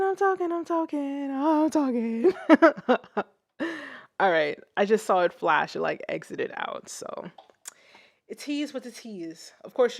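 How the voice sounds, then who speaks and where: A woman's voice: fairly low pitch, creaky, no room sound, studio quality. A young woman livestreaming from her music setup, chatting loosely, laughing and swearing casually. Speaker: music streamer.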